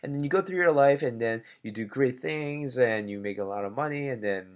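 A man's voice: mid-range voice, brisk. A man teaching a physics lesson, mixing in playful, jokey asides. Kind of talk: classroom lesson.

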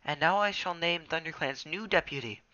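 A young man voicing a solemn, hushed female clan leader cat in a storybook reading. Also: deep voice, normal speed, dull audio, voice pushed up.

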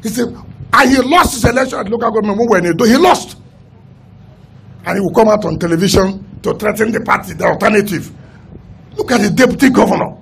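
Gravelly, high-voiced Nigerian politician. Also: male voice, quick pace, pauses often, slight background noise. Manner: indignant, repetitive, emphatic. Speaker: state governor. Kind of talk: heated political statement to the press.

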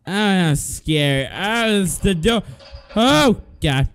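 A jittery man commentating a horror game in a high voice that leaps all over the place. He talks slowly and drawls between sudden yelps, chatting nervously to the monster and cursing under his breath. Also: animated, fairly bright tone, smooth, soft background music. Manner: talks to the game's monster, swears and mutters to himself. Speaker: let's play gamer.

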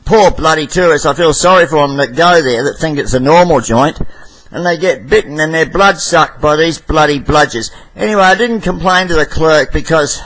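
A man's voice: on the high side, fairly bright tone, low-quality recording. An Australian man telling a rambling vlog story, blunt and profane, with stammered restarts. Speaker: vlogger.

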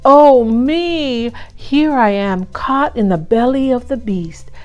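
A woman doing a fretful squeaky mouse. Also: slow pace, darkish tone, highs cut off, soft background music. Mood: dismayed. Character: fretful little male mouse.

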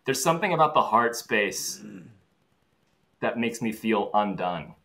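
Male guest, chatty and quick, tumbling through his thoughts, lower pitch. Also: big pitch swings, pushed and bright. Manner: fast, rambling, self-aware talker. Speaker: interview guest. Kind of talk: casual conversation.

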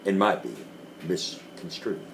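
A man giving a dramatic reading of a classic story, slow and deliberate with dramatic pauses. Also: low-pitched, lively intonation, vocal fry, a bit bright, slight background noise. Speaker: reader.

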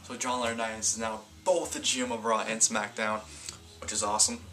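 A man's voice: fairly low pitch, little pitch movement, fairly quick, bright, forceful tone. A man casually reviewing a wrestling event in a video, rambling and often correcting himself mid-sentence. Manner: rambling, stumbling, self-correcting.

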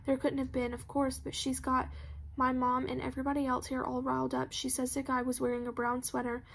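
A woman voicing a withdrawn teenage boy who speaks in a flat, distant way. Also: sits high, brisk, gravelly, slight background noise.

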